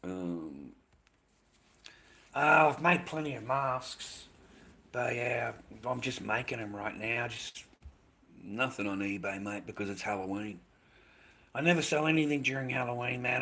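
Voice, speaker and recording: An Australian man chats casually on a livestream, rambling and swearing constantly and dropping "mate" into almost every line. His voice is mid-range, unhurried and sharp in tone.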